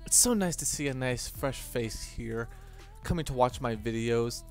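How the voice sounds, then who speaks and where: A young man hosting his gaming channel, giving excitable, mock-instructional commentary over gameplay with frequent swearing and outbursts. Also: medium pitch, moderate pace, soft background music.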